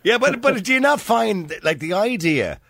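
A man's voice: high-pitched, very animated, moderate pace, creaky, a bit bright, dry recording, clean studio sound. A middle-aged man hosting a radio talk show, teasing and laughing with callers. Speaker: radio host. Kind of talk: casual radio chat. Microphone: studio mic.

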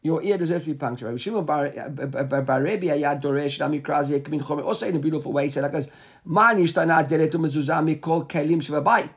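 A man's voice: a little high, fast talker, breathy edge. A man giving a Talmud lesson, reading Hebrew and Aramaic phrases and explaining them in English, often checking in with "right?". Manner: rhetorical questions, repeated "right?". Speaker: Talmud teacher.

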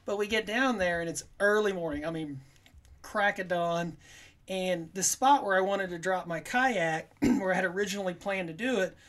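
A man telling a long hunting story on a casual podcast, rambling and animated, acting out what people said. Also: high-pitched, moderate pace. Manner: rambling, animated, quotes himself in little voices.

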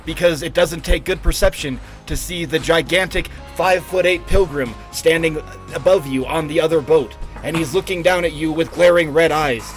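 A man's voice: a little high, moderate pace, few pauses, soft background music. A man running a comedic tabletop game as game master, narrating in a playful folksy storytelling voice. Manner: playful folksy storyteller voice, says it hurts his throat.

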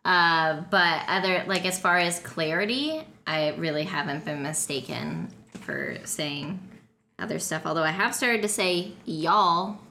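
Fast-talking, bright-voiced woman in casual chat. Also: low-pitched, sing-song, a little hiss or hum. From Colorado. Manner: fast, chatty, full of fillers.

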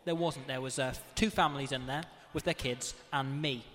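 A man's voice: mid-range voice, fairly even intonation, moderate pace, fairly bright tone, long reverb tail, slight background noise. A young man with a Northern English accent, telling a wry story in casual banter on a student radio show, laughing often. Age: young adult.

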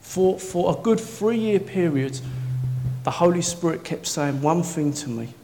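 A man preaching a sermon in a church, telling stories with swings from quiet to loud, wearing a mic. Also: on the high side, unhurried. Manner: excitable storytelling, swinging from soft to loud. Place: church hall. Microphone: worn mic. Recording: echoey hall, faint noise.

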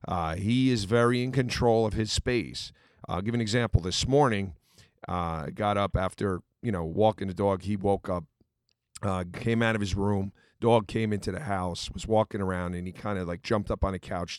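A middle-aged man chats in a casual, earnest way, filling his stories with pauses and small restarts. His voice sits fairly low. The sound is dry and close, with no room around it. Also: no echo. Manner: earnest, storytelling, many fillers. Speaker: podcast co-host. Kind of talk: casual chat.

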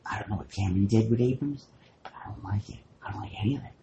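Gravelly sweary dude rambling thru a sarcastic story, faint noise behind. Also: male voice, lowish voice, racing, lo-fi sound. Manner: profane, rambling, sarcastic retelling. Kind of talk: casual comedic chat.

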